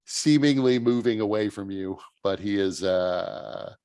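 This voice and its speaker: A man's voice: fairly low pitch, measured pace, darkish tone, clear, resonant tone, no echo. A man narrating a tabletop game as game master, easygoing and chuckling between rulings.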